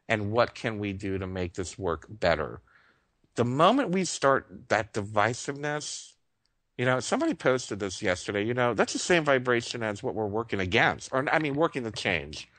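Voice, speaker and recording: A man with a fairly low voice delivers an impassioned spiritual monologue on talk radio, earnest and heartfelt. He circles back on phrases to press his point. The sound is dry and close, with no room around it. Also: big pitch swings, moderate pace, a bit bright, dry recording. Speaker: radio show host.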